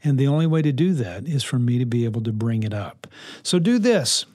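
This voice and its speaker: A man's voice: mid-range voice, expressive, fairly quick, a little mellow, no room sound. Earnest man giving parenting advice, dry. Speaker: parenting speaker. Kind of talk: reflective advice talk.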